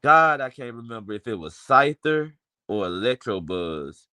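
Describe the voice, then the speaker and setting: A man's voice: mid-range voice, big pitch swings, normal speed, bright, forceful tone, clear, resonant tone. A man in his twenties from Memphis with a Southern accent, chatting casually on a stream with profane slang and long rambling stories. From Memphis, Tennessee. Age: 20s. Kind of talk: casual chat.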